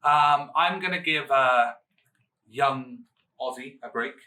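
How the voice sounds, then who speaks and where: A man's voice: medium pitch, takes it slowly, pushed and bright, far from the mic, rough recording. A man co-hosting a casual podcast, enthusiastic and gushing. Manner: enthusiastic, hesitant fillers then gushing. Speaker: co-host.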